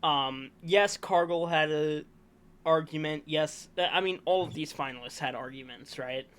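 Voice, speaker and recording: At a normal speed, a man with a voice on the high side and a fairly bright, clean tone co-hosts a casual sports review. Presenting the awards, he hiccups while announcing the finalists, rambling and correcting himself and clearly enthusiastic about the players.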